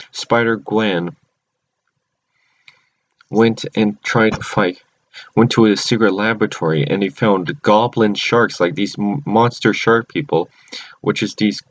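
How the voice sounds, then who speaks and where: A man with a lowish voice giving a casual, rambling recap of cartoon episodes, and he keeps stopping to restart or correct himself. The recording sounds dull and lo-fi.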